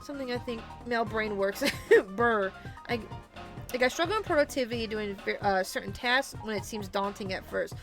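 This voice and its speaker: Over faint background music, a young streamer talks to her chat while gaming, her slightly high voice expressive and moderately paced. The live-stream talk is casual and rambling, full of filler words and false starts.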